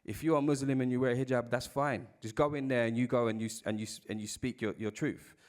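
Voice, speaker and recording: A man's voice: medium pitch, steady tone, quick pace. A man from South London with a South London accent, telling candid stories with casual swearing as a speaker on a live panel.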